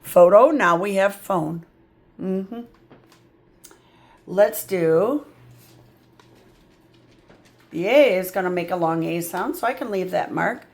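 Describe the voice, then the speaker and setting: A woman with a lowish, animated voice tutors phonics, taking it slowly and pausing often. She patiently sounds out letters and words, adding chatty asides like "yep" and "mm-hmm."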